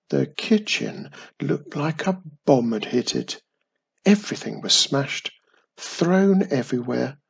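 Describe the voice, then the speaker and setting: Slow gravelly male storyteller. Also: mid-range voice, a bit bright. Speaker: narrator. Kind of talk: scripted storybook narration.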